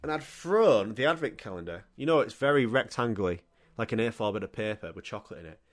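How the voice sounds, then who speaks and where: A man, telling crude, animated comic stories as a podcast host and swearing freely. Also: lowish voice, fast. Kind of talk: comic storytelling monologue.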